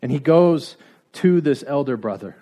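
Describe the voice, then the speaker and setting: A man's voice: a little high, animated, normal speed, mellow. A man preaching a sermon, driving his points home with repeated rhetorical questions and building to emphatic peaks.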